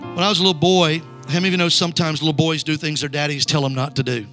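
Male evangelist, high bright voice, call-and-response sermon over soft music. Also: fairly even intonation, rapid-fire. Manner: call-and-response preaching, urging the crowd to repeat lines. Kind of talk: revival sermon. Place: church sanctuary.

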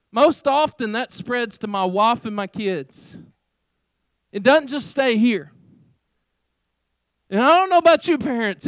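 Pastor, pretty high voice, chatty sermon, lots of "like", dry sound. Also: male voice, dry recording. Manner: casual, conversational preaching with filler "like"; animated, swings between loud emphasis and quiet asides.

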